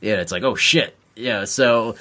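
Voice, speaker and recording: A man's voice: lowish voice, unhurried, pushed and bright. A man co-hosting a podcast in casual chat, blunt and heavy on swearing. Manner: profane, blunt, laughs at own jokes. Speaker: podcast co-host.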